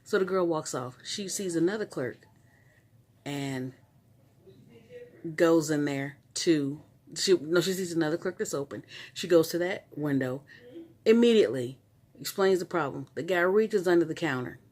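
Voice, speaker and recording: An adult vlogger telling a story-time rant in a casual, animated and exasperated way, often restarting sentences. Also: medium pitch, moderate pace.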